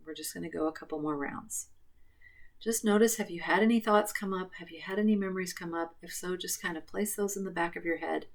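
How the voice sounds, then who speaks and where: A woman coaching a guided tapping session, calmly repeating affirmations. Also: lowish voice, a little fast. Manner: calm, repetitive affirmation phrasing.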